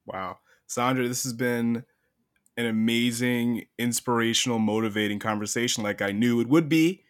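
A man's voice: medium pitch, fairly even intonation, normal speed, dry recording. Man host, dry close sound. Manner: brief, appreciative responses. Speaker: podcast host. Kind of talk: casual interview.

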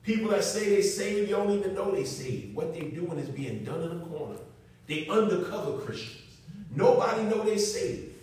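A man's voice: high voice, animated, normal speed, darkish tone. A male preacher delivering a sermon in an emphatic, conversational way, talking straight to his congregation. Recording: echoey room, mic far off.

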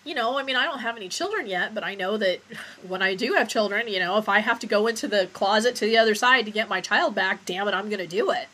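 A woman's voice: mid-range voice, fast, few pauses, sharp tone, rough recording. A woman co-hosting a casual podcast, reflective and often trailing off and restarting her thoughts. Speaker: podcast co-host. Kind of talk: casual chat.

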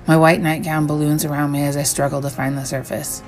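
A woman reading a first-person horror story aloud, measured and slowing down on the eerie lines. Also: low voice, little pitch movement, a little mellow, soft background music. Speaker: story reader.

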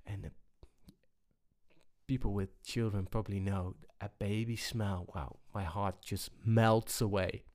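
Slow, pausing man talking about balance. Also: lowish voice, steady tone, darkish tone. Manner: unhurried, many pauses and restarts. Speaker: speaker on balance. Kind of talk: personal talk to an audience.

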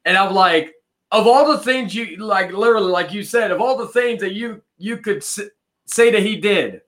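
A man's voice: high voice, moderate pace, a bit bright. A man co-hosting a podcast, rambling in casual banter, repeating words and restarting sentences. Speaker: podcast co-host.

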